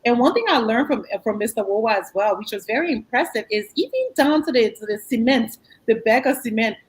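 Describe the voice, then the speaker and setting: Husky-voiced woman, halting speech. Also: fairly high pitch, lively intonation, rough recording. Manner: halting, many fillers and restarts. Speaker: nonprofit president. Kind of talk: interview conversation.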